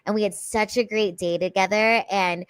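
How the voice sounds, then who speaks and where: A woman's voice: mid-range voice, steady tone, normal speed, clean tone, no echo. A woman, a comedian friend on a podcast, speaking earnestly and supportively, often restarting her sentences. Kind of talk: casual podcast conversation.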